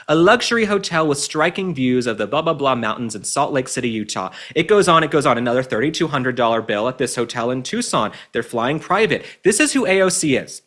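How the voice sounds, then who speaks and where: A man's voice: on the high side, bright, forceful tone. A man hosting an opinionated commentary show, talking in a sassy, campy way with mocking asides. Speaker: host.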